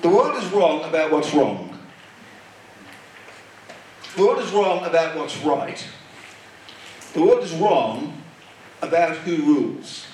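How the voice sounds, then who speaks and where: A man's voice: on the high side, sing-song, slow, pauses often, darkish tone, slight background noise. A man preaching a sermon, with an emphatic, repetitive cadence. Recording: echoey hall, distant mic.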